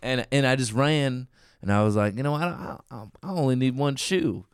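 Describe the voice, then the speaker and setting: A man's voice: medium pitch, moderate pace, clear, resonant tone, close to an everyday voice. A man voicing a rambling cowboy drifter who meanders through a story.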